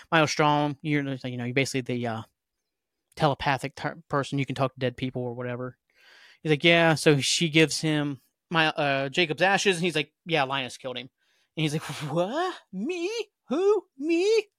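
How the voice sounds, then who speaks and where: A man's voice: on the high side, fairly bright tone, dry recording, clean studio sound. A man hosting a podcast, recapping a TV episode in a rambling, casual way full of fillers and the odd swear word. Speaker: podcast host.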